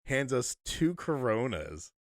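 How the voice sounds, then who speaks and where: A man's voice: mid-range voice, sing-song, takes it slowly, no echo, clean studio sound. An American man co-hosting a podcast, telling a rambling travel story in a casual chat with lots of fillers and restarts. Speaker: podcast co-host.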